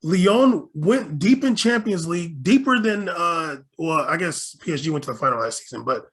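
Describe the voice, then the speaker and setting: A young man co-hosting a podcast, telling stories in a casual, excitable way and stumbling over repeated words as he starts. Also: fairly high pitch, moderate pace. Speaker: podcast co-host. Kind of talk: casual chat.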